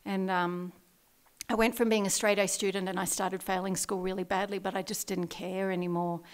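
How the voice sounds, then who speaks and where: A woman's voice: mid-range voice, little pitch movement, normal speed. A woman telling her recovery story at a meeting, candid and laughing often, with many fillers. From Australia. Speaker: AA meeting speaker. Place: meeting hall. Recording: very echoey hall.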